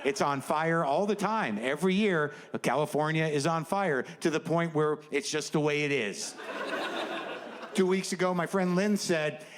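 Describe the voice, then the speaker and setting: A man's voice: a little high, normal speed, noisy background. Sardonic ranting man doing stand-up. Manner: rambling, sardonic ranting with asides. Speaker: stand-up comedian. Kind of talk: stand-up routine. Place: comedy stage before a live audience. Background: faint audience laughter and ambience.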